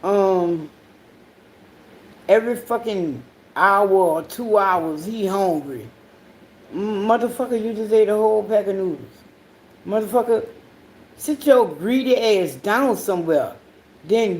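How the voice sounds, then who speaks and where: Profane, animated woman ranting casually. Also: a little slow, slight background noise. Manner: profane, rambling storytelling with frequent swearing; animated, jumps between loud outbursts and low mutters. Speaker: podcast host. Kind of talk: casual monologue.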